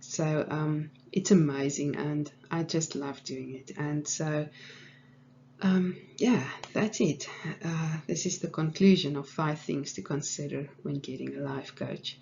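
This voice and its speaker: Low-voiced woman life coach. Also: a little slow, creaky. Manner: relaxed storytelling with fillers. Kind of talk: storytelling lesson to camera. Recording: dull audio, faint hum.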